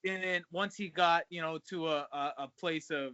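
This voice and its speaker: A man with a fairly high, bright, forceful voice talks in a loose, casual way, swearing freely and calling people man and bro. He is recorded dry over a video call. The sound is dull and lo-fi. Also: fairly even intonation, moderate pace, clean tone, no room sound. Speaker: pro wrestler guest. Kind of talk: casual interview chat.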